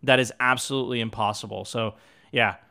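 A man's voice: medium pitch, fairly even intonation, fairly quick, vocal fry, pushed and bright, clean tone. A man hosting a podcast in casual chat, enthusiastic and profane, often stumbling over and repeating words. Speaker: podcast host.

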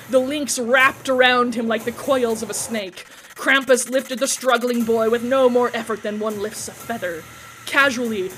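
A woman's voice: on the high side, a bit bright, slight background noise. Woman reading a dramatic story aloud. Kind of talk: storytelling narration.

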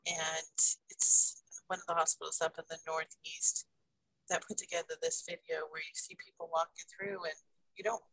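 A speaker with a bright, slightly gravelly voice chats casually and hesitantly, pausing often. The recording is dry and close. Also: mid-range voice, little pitch movement, dry recording, rough recording. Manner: hesitant, halting with fillers. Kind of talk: casual conversation.

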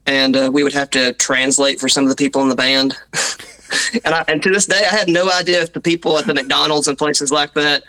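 A man's voice: a little high, fairly even intonation, fairly quick, bright, forceful tone, poor audio. A man with a Southern Appalachian accent, a musician being interviewed, talking casually with restarts and self-deprecating asides. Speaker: musician guest.

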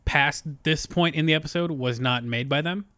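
A man's voice: on the high side, normal speed, bright, forceful tone, no room sound, clean studio sound. A man co-hosting a casual podcast, joking around and swearing freely as he walks through an episode. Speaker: podcast co-host.

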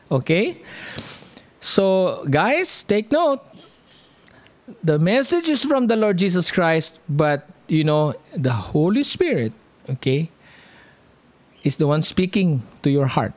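A man preaching a sermon, talking slowly and animatedly and checking in with the audience often. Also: high voice, no room sound. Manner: lively, animated, drawn-out delivery, frequent "okay?" check-ins. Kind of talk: sermon teaching.

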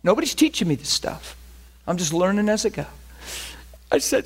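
A man preaching a sermon, telling a personal story in an animated way, often jumping high in pitch and laughing as he talks. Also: moderate pace, long pauses, husky. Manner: animated storytelling, voice jumps high into quoted cries; laughs through his own story.

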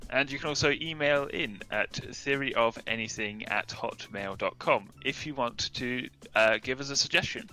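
A young man co-hosting a casual podcast, relaxed and offhand as he wraps up the episode. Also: mid-range voice, normal speed, hardly any pauses, soft background music. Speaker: podcast co-host.

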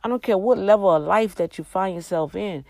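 A woman hosts a casual faith talk on a livestream, earnest and preacher-like, exhorting her audience with drawn-out emphasis while sounding a little tired and yawning. Her voice is medium-pitched and slightly mellow, with no echo.

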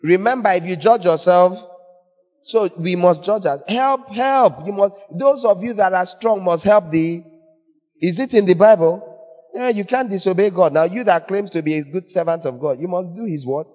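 A fairly high-voiced man preaching a playful, teasing sermon with sudden leaps in pitch. His voice rings with a long church reverb and comes through with a dull, lo-fi sound. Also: normal speed.

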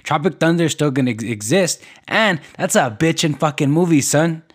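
A man's voice: fairly high pitch, moderate pace. A young man hosting a solo podcast, ranting in a rambling, profane way with many restarts and fillers. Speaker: podcast host.

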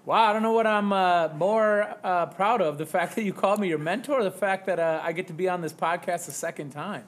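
Self-deprecating teacher telling animated stories. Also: male voice, sits high, fairly quick. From Wisconsin, US. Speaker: podcast guest, high school English teacher. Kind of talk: casual podcast chat, storytelling.

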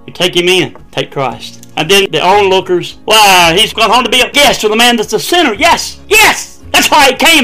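Fiery high-voiced male preacher. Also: rough recording. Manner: swings from hushed to shouting, exclaims "Amen" and "yes, sir". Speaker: pastor. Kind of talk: fiery revival sermon.

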